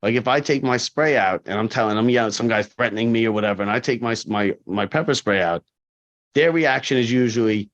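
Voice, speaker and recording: A man in his forties tells stories in a loose, animated way, often slipping into the voices of the people he quotes. His pitch sits in the middle range, and the audio sounds slightly dull and lo-fi. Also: a little fast. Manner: animated, acts out quoted people, frequent fillers. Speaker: corrections officer, podcast guest. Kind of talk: casual interview storytelling.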